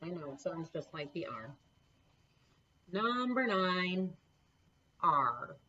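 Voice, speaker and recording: A woman's voice: lowish voice, expressive, slow pace, fairly bright tone, dull audio, slight background noise. A woman teaching a recorded phonics lesson to children, patient and encouraging, spelling out letter sounds one by one. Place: home classroom setup with a board.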